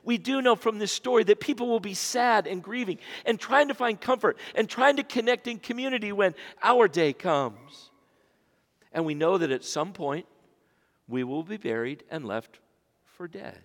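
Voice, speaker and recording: Male pastor delivering a dramatic sermon with sharp dynamic swings, in a church with long reverb. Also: high voice, animated, measured pace, pauses often. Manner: dramatic swings from loud emphasis to hushed whispers. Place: church sanctuary.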